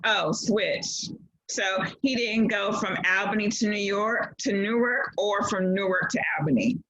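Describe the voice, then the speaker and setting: A woman with a medium-pitched, slightly bright voice runs an online lesson by video call, speaking a little slowly as she reads clues aloud. She's playful and encouraging and laughs a lot, though the lo-fi audio is dull.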